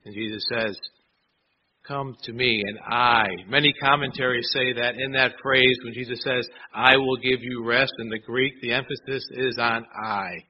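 A man delivers a sermon in an easy, conversational manner and keeps checking in with his listeners through rhetorical questions. His voice sits at an ordinary middle pitch for a man. The recording sounds a little dull, with faint noise underneath. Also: steady tone, normal speed. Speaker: pastor.

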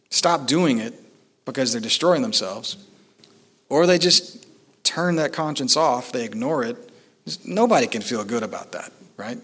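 A man's voice: mid-range voice, fairly bright tone, breathy edge. A middle-aged man preaching a sermon in a conversational way, with fillers and light asides.

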